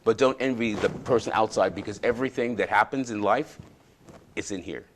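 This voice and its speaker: Fitness guy hosting a wellness talk, kinda deep voice, sincere, slight background hiss. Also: fairly quick, rough recording. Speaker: show host, fitness expert. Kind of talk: casual conversational talk.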